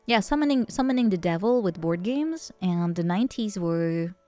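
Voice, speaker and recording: A woman's voice: medium pitch, animated, moderate pace, mellow, faint music behind. A woman streamer chatting casually, rambling and joking and often breaking into laughter. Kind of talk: casual chat.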